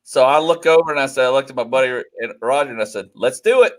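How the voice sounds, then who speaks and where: A man in his forties from Georgia telling a long animated story, swearing freely, on a casual podcast. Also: very fast. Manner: animated, swearing, rising pitch as story builds. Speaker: podcast co-host.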